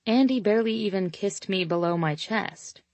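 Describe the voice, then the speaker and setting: A woman narrating a romance audiobook in first person, steady and intimate. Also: mid-range voice, normal speed, no echo.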